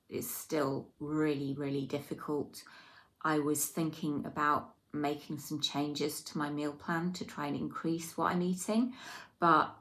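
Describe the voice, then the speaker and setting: A woman with a low voice talks in a personal video diary. She sounds tired and subdued, and her speech is hesitant and halting, with frequent pauses and restarts. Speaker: video diarist.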